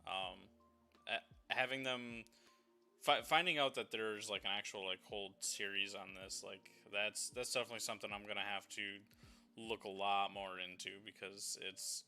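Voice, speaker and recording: A man co-hosting a podcast, chatting casually in halting bursts with many restarts. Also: on the low side, fairly even intonation, sharp tone, faint music behind. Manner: halting, restarts, laughs often. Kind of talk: casual chat.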